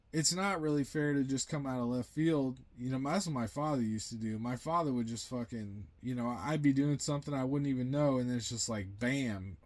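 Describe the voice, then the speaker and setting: A man's voice: medium pitch, darkish tone. A young man venting in a blunt, profane, rambling monologue to camera. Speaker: vlogger.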